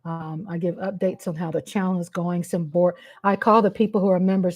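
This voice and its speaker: A woman's voice: on the low side, level tone, brisk, darkish tone. A woman hosting her channel's live stream, chatting casually and promoting memberships with frequent "um" fillers. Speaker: channel host.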